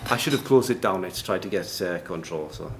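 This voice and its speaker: A man's voice: sits low, lively intonation, fairly quick, music in the background. A man giving a live technical presentation in a noisy, echoey conference room, chatty and self-deprecating, often laughing. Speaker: conference speaker.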